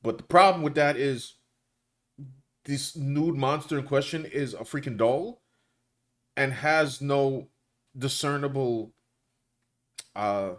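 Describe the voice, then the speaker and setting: Guy rambling thru a casual commentary chat, loose and colloquial, mid-pitched voice. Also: slow, long pauses. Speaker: co-host.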